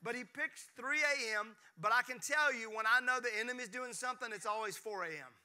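Animated and joking, this pastor from Mississippi, in his fifties, calls out to his congregation and trades responses with them as he preaches. His pitch is extremely high and his delivery fairly quick.

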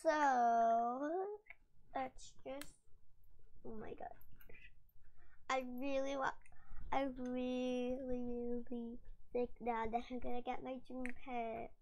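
A young woman commentating her gameplay with excitement, gushing and squealing over her finds. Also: a little high, creaky, lo-fi sound. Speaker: gaming vlogger.

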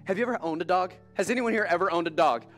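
A male pastor preaching a sermon in an animated, conversational, joking manner during a church service. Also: high-pitched, racing, faint music behind.

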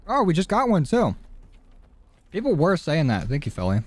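A man streaming live gameplay, talking casually to his chat with sudden excited yelps, on a close studio mic at home. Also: on the high side, moderate pace, breathy edge. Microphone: studio dynamic mic.

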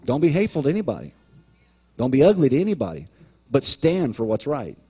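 A man's voice: medium pitch, huge pitch swings, quick pace, darkish tone, slightly rough. A man preaching a sermon as pastor, emphatic, often repeating words and acting out imagined voices.

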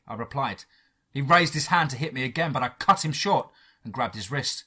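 A man narrating a first-person horror story in a dramatic, measured way. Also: medium pitch, expressive, pushed and bright, breathy edge.

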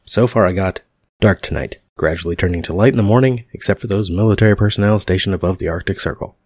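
A man's voice: low voice, fast talker, darkish tone, dry recording. A man reading aloud the lines of a smug, cynical TV weatherman in his thirties. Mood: sardonic.

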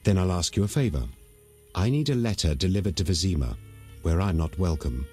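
A calm, wise elven druid in a video game. His voice is low, with a lively, rolling lilt. He speaks with measured courtesy, and faint music sits behind him. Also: husky.

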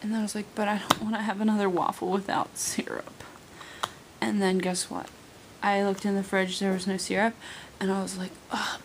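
A woman's voice: medium pitch, slight background noise, rough recording. A young woman talking casually to her camera, rambling with lots of fillers. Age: young adult. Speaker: vlogger. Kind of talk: casual vlog chat.

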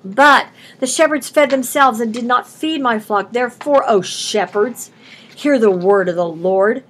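A woman's voice: on the high side, measured pace. A woman pastor preaching an expository sermon in a church, reading scripture aloud and explaining it in a folksy, emphatic way.

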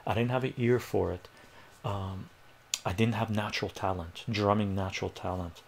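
Gravelly, rambling man telling a story. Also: on the low side, moderate pace. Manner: rambling, animated, laughs often, acts out quoted voices. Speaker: streaming math tutor. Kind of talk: casual livestream storytelling.

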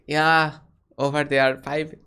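A man's voice: fairly high pitch, level tone, takes it slowly, sharp tone, smooth. A man from India hosting casual video chats with strangers and asking lots of short, curious questions over a video call. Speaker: host.

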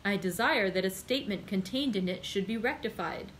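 For a storybook reading, a woman voices a proud young male viscount, cold, formal, insistent and indignant. Her natural, medium-pitched voice is lively in intonation, a little fast and a bit bright, with a little hiss or hum.

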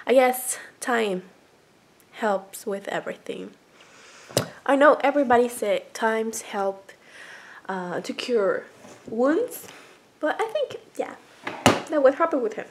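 A woman's voice: a little high, very animated, slow pace, long pauses, noisy background. A woman vlogging casually as a vet tech, chatty, laughing often and talking to her cat. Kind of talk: casual vlog chat.

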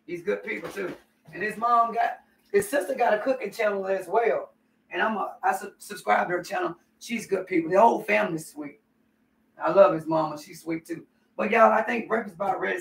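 A home cook livestreamer chats folksily with viewers during a live cooking stream in her own kitchen, calling them y'all and honey. Her voice is mid-range with some vocal fry, picked up from a distance with slight background noise.

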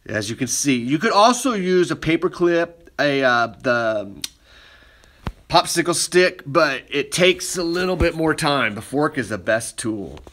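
A man's voice: a little high, unhurried. A man teaching a ceramics class, talking casually while he demonstrates with his hands. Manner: relaxed, talks while working with hands.

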